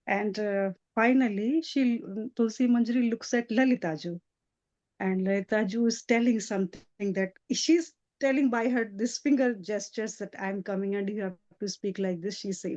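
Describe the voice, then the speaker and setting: A woman giving a devotional lecture, retelling a sacred story in an animated storytelling manner. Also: medium pitch, normal speed, dull audio. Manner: animated storytelling with frequent restarts. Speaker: spiritual lecturer.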